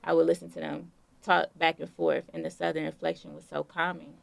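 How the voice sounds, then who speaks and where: A woman with a low, gravelly voice talks in an easy, meandering way. She sounds like a guest in a casual interview, and the recording is close and dry. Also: a little fast, no room sound. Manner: relaxed storytelling with many fillers.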